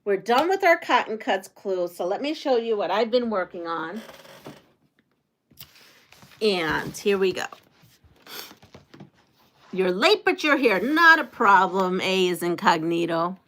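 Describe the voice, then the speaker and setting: A middle-aged woman hosts a relaxed livestream, chatting away to her viewers. Her talk is rambling and friendly in tone, easygoing everyday conversation. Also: medium pitch, slow pace, pauses often. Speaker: quilting channel host. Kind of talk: casual livestream chat.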